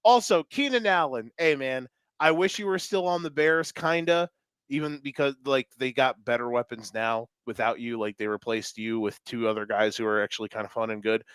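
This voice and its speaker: A man co-hosting a sports podcast, talking fast and animated with swearing and jokes. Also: mid-range voice, clear, resonant tone, dry recording. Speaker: podcast co-host. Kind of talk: excited sports talk.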